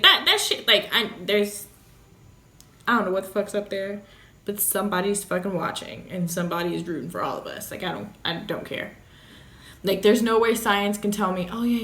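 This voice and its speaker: In an echoey room, a young woman with a lowish, sharp voice talks candidly in a casual vlog. A new mother, she is blunt and emotional, and she swears constantly.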